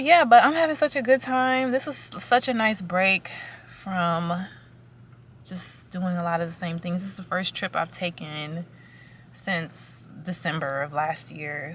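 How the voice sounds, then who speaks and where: This young woman's voice is lowish with a fairly bright tone, and a little hiss or hum sits in the background. She's a vlogger giving a casual, rambling update from a parked car, chatty and packed with fillers and restarts, recorded on a camera mic under a foam windscreen.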